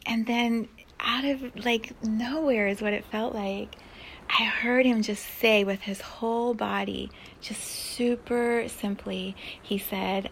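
Soft-spoken woman, dreamy podcast musing. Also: a little high, a little hiss or hum. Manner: dreamy, soft, often drops to a breathy whisper, laughs often. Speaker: podcast host. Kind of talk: spiritual podcast monologue.

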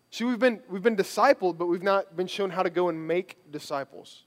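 A man's voice: sits high, expressive, moderate pace, few pauses. A man giving a sermon as a pastor, conversational and emphatic, repeating phrases for stress.

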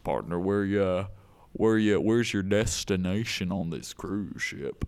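A man voicing a friendly male ram who drawls like a cowboy and calls everyone partner, in a low voice. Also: expressive, measured pace, a little mellow, clean tone. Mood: folksy. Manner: chatty, nosy, hospitable.

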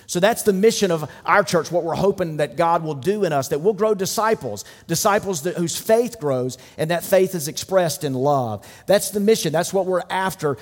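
A middle-aged man preaches from a church pulpit, his voice sitting a bit high for a man. He talks in a relaxed, conversational way, dropping jokes and quick asides into the sermon. The sound rings out in the long reverb of a church hall. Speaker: pastor.

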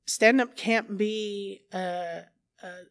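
A woman's voice: mid-range voice, fairly even intonation, drawn-out words. A woman in casual chat, making her points assertively and step by step.

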